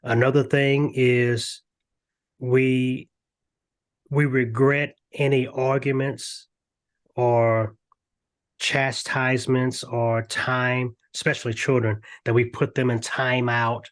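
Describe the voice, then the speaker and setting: A man's voice: mid-range voice, slow pace. Earnest older man telling stories. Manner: earnest, lively storytelling with restarts. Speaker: guest. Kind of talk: candid podcast interview.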